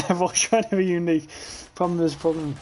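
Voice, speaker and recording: A man's voice: fairly high pitch, fairly even intonation, brisk, darkish tone, slight background noise. Sweary rambling young man. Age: young adult. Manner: rambling, sweary, laughs often, reads chat aloud. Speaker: streamer. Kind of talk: casual livestream commentary while playing.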